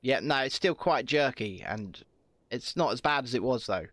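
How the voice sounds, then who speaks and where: A man's voice: mid-range voice, expressive, moderate pace, a bit bright, no echo. A man on a video call, chatting casually and ranting with heavy swearing. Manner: profane, ranting, grows heated and emphatic. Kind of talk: casual online chat.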